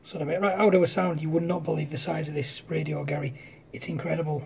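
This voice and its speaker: A man chatting casually on CB radio, speaking quietly close to the mic at home at night, using CB slang. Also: a little high, level tone, quick pace, vocal fry, breathy edge. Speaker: CB radio operator. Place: home at night, partner asleep. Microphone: close to radio handset mic.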